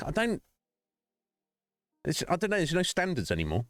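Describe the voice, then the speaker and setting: A man's voice: a little high, wildly swooping pitch, normal speed, long pauses, no room sound, studio quality, soft background music. A man streaming, chatting casually in a rambling, profane way with many restarts. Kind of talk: casual chat while streaming.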